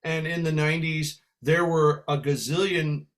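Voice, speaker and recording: An older man from San Francisco, a veteran musician, telling lively stories in an interview and slipping into voices. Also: on the high side, normal speed. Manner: animated storyteller who slips into Irish brogue for quoted voices. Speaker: guest musician. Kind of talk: storytelling in a podcast interview.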